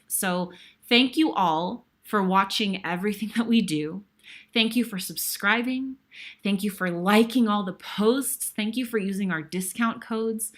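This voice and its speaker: Her voice is mid-range and a bit bright. As a young guest host on a web show, she gives a casual sign-off, thanking viewers effusively and gratefully while rambling and poking fun at herself.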